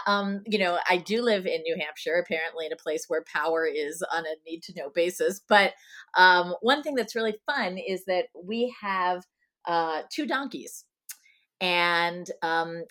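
A woman's voice: on the low side, sharp tone. A woman from the United States, a guest author in a casual interview, who laughs often and is self-deprecating.

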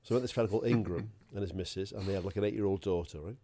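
A podcast co-host tells a rambling anecdote, swearing freely and laughing as he goes. His voice is on the low side and mellow, and he speaks very fast.

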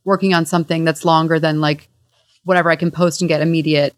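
A woman's voice: low-pitched, flat delivery, no room sound, clean studio sound. Self-mocking comedic woman guest. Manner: self-mocking, quick-witted. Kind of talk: casual interview chat. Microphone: remote call.

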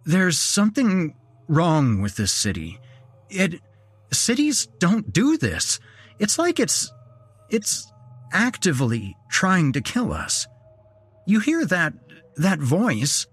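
A man's voice: mid-range voice, sing-song, measured pace, breathy edge, faint music behind, voice pushed up. A man voicing a shaken young man who stammers and forces his words out, in a horror audio story. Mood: urgent. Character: shaken young man, first-person narrator hero.

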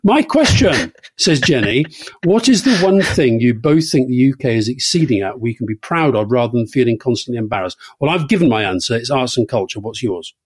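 A man's voice: medium pitch, very animated, fairly quick, breathy edge. A middle-aged man co-hosting a podcast, teasing, dry and blunt as he reads questions. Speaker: podcast co-host. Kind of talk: casual podcast chat.

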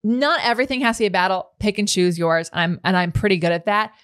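A woman's voice: medium pitch, fast, fairly bright tone, clean tone, no echo, clean studio sound. A woman hosting a podcast in casual conversation, thinking aloud with lots of fillers and restarts. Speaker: podcast host.

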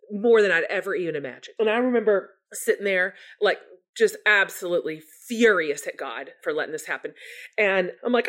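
A woman's voice: medium pitch, a bit bright. A woman guest telling a personal story candidly and with self-deprecating humor, acting out her own past words. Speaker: guest author.

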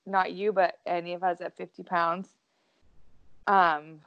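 A woman in her thirties chats easily with friends, her talk full of "like" and "um". Her voice sits on the lower side, and the recording sounds dull and dry. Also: flat delivery, a little slow, smooth, dry recording. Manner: chatty, lots of "like" and "um". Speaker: podcast co-host. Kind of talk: casual chat among friends.

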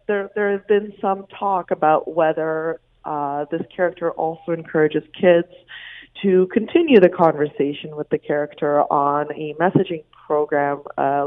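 Woman journalist on a tinny phone line. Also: low-pitched. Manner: explanatory, measured, with ums. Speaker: journalist guest. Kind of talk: phone interview.

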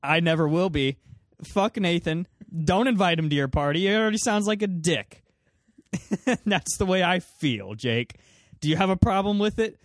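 A man's voice: high-pitched, expressive, normal speed, no room sound, clean studio sound. A man in his twenties co-hosting a podcast in casual chat, blunt and teasing. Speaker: podcast co-host.

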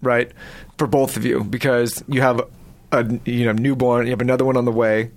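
A man's voice: medium pitch, little pitch movement, fairly quick. Easygoing man hosting a podcast. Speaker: podcast host. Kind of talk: casual chat.

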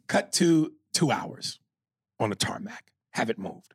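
A man from New York telling a long, profane story on a podcast, animated and acting out quotes. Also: medium pitch, a little slow, husky, dry recording. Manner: animated, swears freely, acts out quotes. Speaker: podcast co-host.

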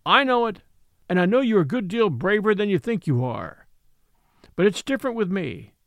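A man voicing a timid, thoughtful elephant that hauls big guns, speaking gently as if explaining. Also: high-pitched, big pitch swings, normal speed, gravelly, dry recording, studio quality, pitched above the performer's own voice, exaggerated voice. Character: old gurgly elephant, gun-team beast, timid and thoughtful.

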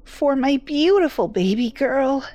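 A woman's voice: high voice, lively intonation, unhurried, warm tone, highs cut off, pitched above the performer's own voice. A woman voicing a frail, confused old mother who trembles and pleads in a shaky voice, in a horror story. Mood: tender.

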